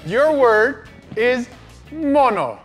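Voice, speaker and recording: A young man hosting a trivia challenge, playful and teasing, with an energetic delivery. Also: very high-pitched, very slow, soft background music. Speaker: quizmaster of a challenge game.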